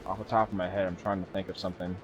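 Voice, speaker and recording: A man's voice: sits low, little pitch movement, rapid-fire. A young man streaming a game, rambling casually, swearing freely and chatting with viewers. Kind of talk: casual live-stream chat. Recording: dull lo-fi stream audio with faint music.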